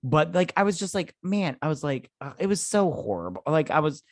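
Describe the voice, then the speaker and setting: A man's voice: fairly high pitch, sing-song, brisk, dry recording, studio quality. A drunk man co-hosting a casual movie-review podcast, rambling and swearing as he trails off mid-thought. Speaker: podcast co-host.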